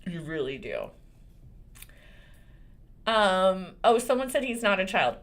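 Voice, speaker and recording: A woman in her forties hosts her own channel as a lawyer and speaks casually to the camera. Her voice is lively and rises and falls a great deal, and she moves from firm legal points to laughing asides. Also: mid-range voice, slow pace. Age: 40s. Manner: animated and expressive, swinging between serious points and laughter.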